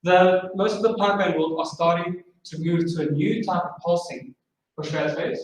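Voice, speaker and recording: A man with a high voice teaches a drumming masterclass, counting the beats out loud as he explains each rhythm. He is recorded from far off in a very echoey room, with faint noise behind him. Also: moderate pace. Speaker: drumming instructor. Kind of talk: masterclass lecture.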